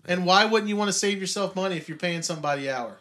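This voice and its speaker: A man co-hosting a casual podcast about making music, animated and stammering, often acting out what he said. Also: high-pitched, fast. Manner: stammering restarts, animated, quotes himself. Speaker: podcast co-host, music producer. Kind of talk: casual chat. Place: recording studio.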